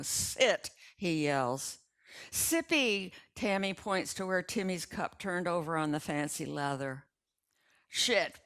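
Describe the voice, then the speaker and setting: A woman reading a story aloud in an unhurried storytelling manner, slipping into small voices for the characters. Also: sits low, clear, resonant tone. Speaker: resident reader. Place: retirement community.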